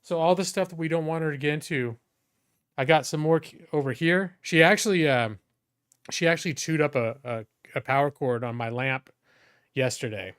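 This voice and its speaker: Guy w a kinda high voice rambling casually thru a room tour at home. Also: normal speed, smooth. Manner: rambling, restarts sentences. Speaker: streamer giving a room tour. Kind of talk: casual chat. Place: bedroom at home.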